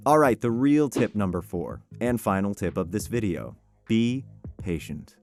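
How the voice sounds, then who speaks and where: Upbeat lowish-voiced man giving advice. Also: darkish tone. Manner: upbeat, encouraging, conversational. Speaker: voice actor giving tips. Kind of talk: casual advice vlog.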